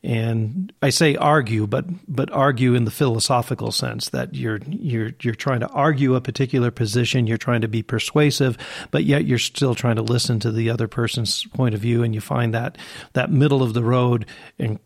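A man's voice: medium pitch, steady tone, moderate pace, vocal fry. A man speaking as a guest in an interview. He explains his points earnestly and at length, in a thoughtful way. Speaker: guest, sales partner. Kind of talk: casual interview talk.

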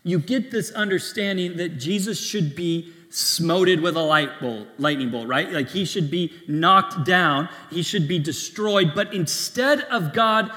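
A man preaching a sermon to young adults, in a conversational style full of restarts and lively asides. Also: sits high, a little slow, few pauses, big-room sound.

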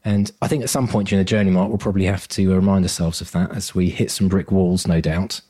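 A man's voice: sits low, fairly even intonation, quick pace, mellow. A man co-hosting a podcast as a coach, talking in an earnest, motivational way and laughing often. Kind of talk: casual chat.

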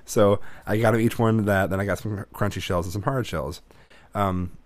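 A man's voice: lowish voice, steady tone, moderate pace, no echo. A young man co-hosting a casual chat, telling rambling, sweary stories. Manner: rambling storytelling, swears freely. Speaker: podcast co-host.

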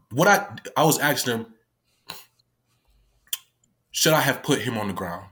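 A man's voice: mid-range voice, animated, a little slow, pauses often, fairly bright tone. A man who works with young people, telling a story in a casual way, with lots of swearing and fillers. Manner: loose, profane, full of "like" fillers. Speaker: youth worker.

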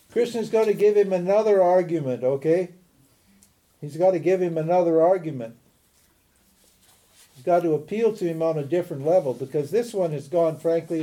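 Mellow-voiced man teaching, animated and laughing. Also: a little high. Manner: animated and chatty, laughs often, frequent restarts. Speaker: spiritual teacher. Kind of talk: informal lecture to a class.

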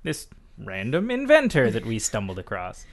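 A man's voice: fairly low pitch, moderate pace, crowd noise. Sarcastic male podcast host. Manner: sarcastic, animated storytelling. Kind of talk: casual chat.

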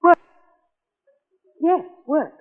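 An actress in a 1940s radio play voicing an earnest, emotional young wife who speaks from the heart. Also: female voice, drawn-out words. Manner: earnest, heartfelt, scolding tenderly. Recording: tinny old radio broadcast with reverb.

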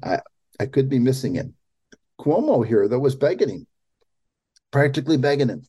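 A man's voice: medium pitch, expressive, mellow, slightly rough. A man hosting a political commentary show, talking in an incredulous way and often restarting his sentences. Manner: incredulous, halting with repeated restarts. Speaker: podcast host.

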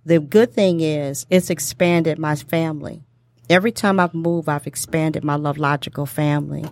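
A woman's voice: sits low, normal speed, a little mellow, no echo. A woman hosting a casual talk show, chatty and encouraging, laughing often as she brings in her guests. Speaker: host.

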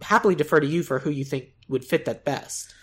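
A woman's voice: sits low, fast. A woman co-hosting a podcast, chatting in a conversational, playful way. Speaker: podcast co-host. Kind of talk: casual chat.

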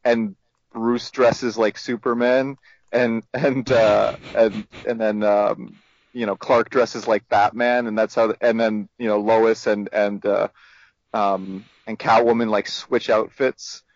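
Low-voiced rambling man on a podcast. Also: level tone, takes it slowly, dry recording. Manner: rambling, many fillers and restarts. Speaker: podcast co-host. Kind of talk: casual chat. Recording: dull lo-fi dry podcast mic.

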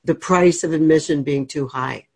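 A woman's voice: low voice, normal speed, slightly rough. A woman hosting an interview, asking short questions and laughing along with her guest. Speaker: host. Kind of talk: interview chat.

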